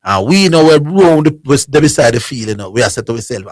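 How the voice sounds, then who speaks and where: A man with a Jamaican accent hosting a sports call-in radio show, telling an animated anecdote in creole and chuckling often. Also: mid-range voice, quick pace, few pauses, no room sound. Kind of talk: casual storytelling on call-in radio.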